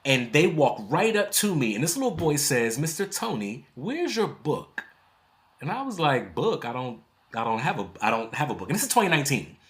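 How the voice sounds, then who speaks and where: A man's voice: mid-range voice, big pitch swings, fast, a bit bright. A man in his thirties, a poet and author, telling a story in conversation, acting out quotes and laughing often.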